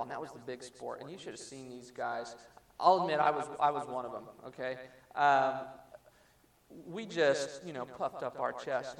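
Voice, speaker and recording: A man preaching a sermon, retelling a story in a relaxed, conversational way with frequent fillers and restarts. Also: mid-range voice, gravelly. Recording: roomy, mic at a distance.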